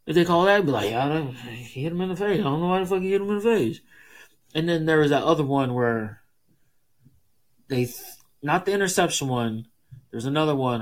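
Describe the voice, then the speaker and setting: A man hosting a solo sports podcast, ranting casually and heatedly, with frequent swearing and emphatic rises in pitch. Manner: heated, profane, emphatic, fast swings in pitch. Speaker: podcast host.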